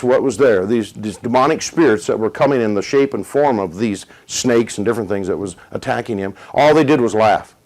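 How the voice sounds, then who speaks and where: A middle-aged man preaching a sermon, retelling a story with dramatic pauses and rising emphasis. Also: medium pitch, a little mellow, poor audio. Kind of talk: sermon testimony.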